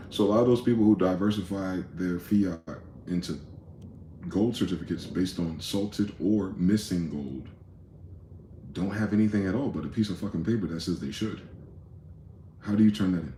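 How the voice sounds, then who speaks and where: A man's voice: deep voice, warm tone, reverberant, a little hiss or hum. A man hosting a rambling late-night monologue, profane and conspiratorial in tone, with many asides. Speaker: host.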